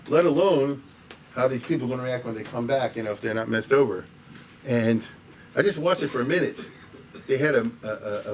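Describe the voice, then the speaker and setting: A man teaching a class as a rabbi, in a conversational, digressive way that grows animated when he quotes. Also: mid-range voice. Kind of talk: informal lecture. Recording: distant mic with faint room noise.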